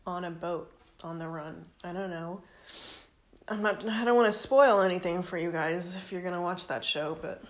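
A young woman tells a long story in a loose, rambling way, dropping "like" into almost every phrase and swearing freely. Her voice sits at a middling pitch. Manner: rambling, heavy use of "like", frequent swearing. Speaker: vlogger. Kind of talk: casual storytelling.

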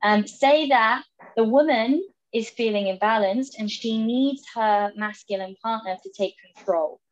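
A woman from England, a podcast guest, talking things through in halting bursts with repeated words. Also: fairly high pitch, lo-fi sound. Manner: halting, repeats words, acts out quoted lines. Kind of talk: reflective conversational interview.

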